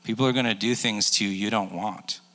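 A man's voice: fairly low pitch, fairly even intonation, a little fast, pushed and bright. A man in his forties speaking as an earnest, insistent spiritual teacher within a sermon. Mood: pressing. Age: 40s. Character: insistent, patient male teacher figure. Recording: long echo of a large hall.

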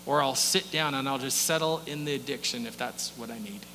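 A man preaching a sermon as pastor, in a conversational style full of rhetorical questions and quick asides. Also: mid-range voice. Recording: long hall reverb with faint hum.

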